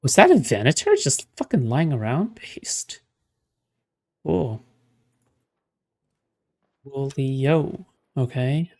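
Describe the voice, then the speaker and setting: A man's voice: mid-range voice, big pitch swings, slow pace, pauses often. A man streaming a game live, ranting sarcastically and swearing as he plays. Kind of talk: live gameplay commentary.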